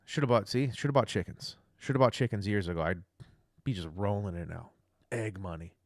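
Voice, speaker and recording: A young man with a low voice rambles through a casual livestream rant, chatty and profane. He is recorded close and dry, with no room sound. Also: fairly quick, no echo. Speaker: livestream host.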